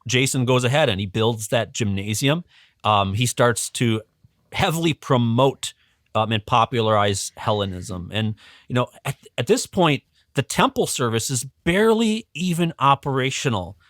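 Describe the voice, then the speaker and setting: Male podcast guest, lively casual storyteller with chuckles and restarts, mid-pitch voice. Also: moderate pace, no room sound, studio quality. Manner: animated, chuckling, many restarts. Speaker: guest educator.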